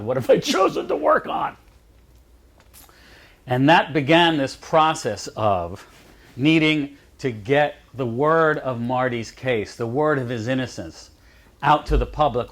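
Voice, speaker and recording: A man's voice: mid-range voice, a little slow. A man telling anecdotes to a lecture audience in a chatty way, laughing at his own lines. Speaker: advocate speaking at a college lecture. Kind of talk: storytelling talk to an audience. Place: lecture room.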